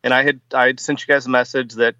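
A man's voice: medium pitch, little pitch movement, fast, bright, forceful tone, dry recording. Hesitant man on a dull lo-fi line. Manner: hesitant, many fillers and restarts. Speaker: podcast guest. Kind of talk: casual chat.

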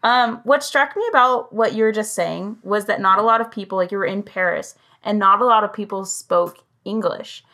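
A woman's voice: medium pitch, moderate pace, hardly any pauses, pushed and bright. A young adult woman from the United States hosting a podcast, chatty and upbeat, reacting and asking follow-up questions in casual conversation. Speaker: podcast host.

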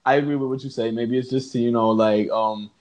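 A man co-hosting a podcast, chatting casually, often hesitant and quick to laugh. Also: mid-range voice, fairly even intonation, a little mellow. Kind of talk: casual chat.

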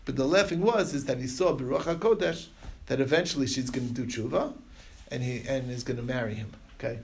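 Male Torah teacher, mid-pitched and a little gravelly, talking through stories in an easy, halting way with lots of fillers. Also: slight background noise. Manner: loose retelling full of fillers and restarts. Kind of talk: informal Talmud class.

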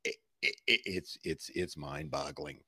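A man's voice: very deep voice, a little slow, sharp tone, slightly rough, dry recording, studio quality. A man giving an interview, telling stories emphatically and mimicking the people he quotes. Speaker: podcast guest. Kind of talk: conversational interview.

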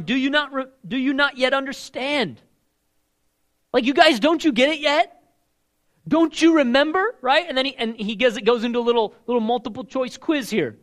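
A young man preaching a casual, conversational sermon, emphatic and swinging between loud and hushed delivery. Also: extremely high pitch.

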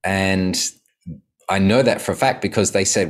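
Low deep voiced guy, podcast guest, earnest n reflective, chatting bout his past. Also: moderate pace. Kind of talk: conversational storytelling.

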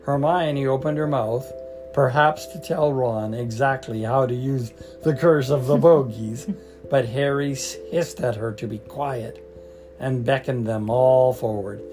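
A man reads a storybook aloud at a slow, patient pace. He stops to explain difficult words, and soft guitar music plays faintly behind him. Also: medium pitch. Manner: patient, explaining, light laughs. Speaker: storyteller and English teacher. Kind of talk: read-aloud with word explanations.

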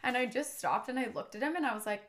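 A woman hosting a podcast, chatting casually and telling lively stories, swearing freely. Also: on the high side, fast. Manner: animated storyteller, swears freely. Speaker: podcast host. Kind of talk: casual chat.

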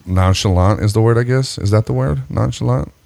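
A man telling a story in casual chat, animated, jumping up in pitch when he acts out what people said, swearing and laughing along the way. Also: fairly quick, vocal fry, no echo. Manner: animated storyteller, jumps high when acting out quotes, laughs often; swears freely, says "bro" and "dude". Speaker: podcast co-host telling a story.

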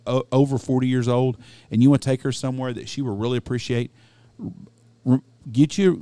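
A middle-aged Texan man with a mid-range, warm voice and a Texan accent co-hosts a casual podcast. In this casual chat he rambles through salty, profane stories. The recording has no echo.

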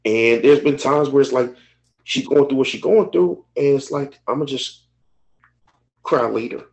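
A man's voice: mid-range voice, normal speed, darkish tone, low-quality recording. A man co-hosting a podcast, talking openly and emotionally in casual chat, swearing freely. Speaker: podcast co-host.

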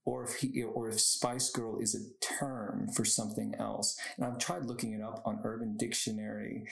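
A young man hosts a solo podcast, chatting casually, wandering off on tangents and laughing a lot. His voice sits on the low side with little pitch movement, a creaky and slightly bright quality, and a normal pace. The room is echoey.

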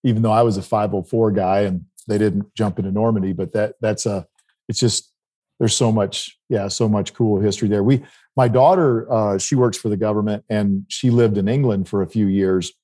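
A man's voice: fairly low pitch, fairly even intonation, moderate pace, warm tone. A middle-aged man from South Dakota telling a rambling travel story in casual chat. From South Dakota, United States. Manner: rambling anecdotal storytelling with restarts.

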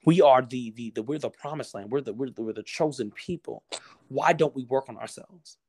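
Guy on a podcast going off, fired up and preachy, mid-pitch voice. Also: a little fast, darkish tone, breathy edge. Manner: passionate, preacher-like, acts out quoted voices. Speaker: podcast guest. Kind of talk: casual motivational conversation.

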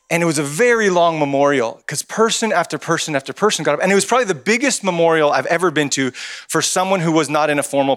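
A man preaches in a church, his voice sitting a little higher than most. He tells a personal story with animated, humorous delivery. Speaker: church speaker. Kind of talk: storytelling sermon.

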